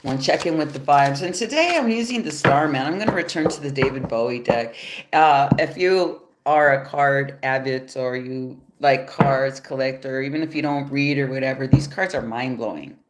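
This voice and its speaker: A woman with a rumbling low voice talks at normal speed over a noisy background, her voice stuffy and nasal from allergies. Recorded on a phone at home after yoga, this tarot reader does a casual livestream reading, laid-back and loose, swearing in passing and chuckling often.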